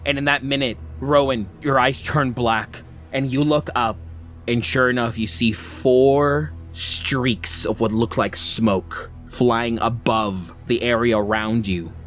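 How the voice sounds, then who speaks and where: Brief: slow, descriptive male game master with faint music behind. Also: medium pitch, fairly even intonation, a bit bright. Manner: descriptive, unhurried narration. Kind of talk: narrating a tabletop game.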